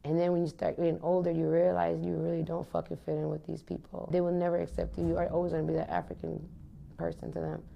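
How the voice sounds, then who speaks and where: Gravelly low-voiced woman, blunt. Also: level tone, quick pace, dark tone, muffled recording, slight background noise. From United States. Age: 30s. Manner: blunt and impassioned, swears freely. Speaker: interview guest. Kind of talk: candid conversational interview.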